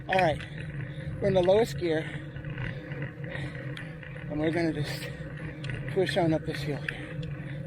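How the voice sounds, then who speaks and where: A man chatting casually as he rides a bike outdoors and narrates the route, out of breath at times. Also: high voice. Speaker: vlogger. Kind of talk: casual talk while cycling. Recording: loud outdoor noise.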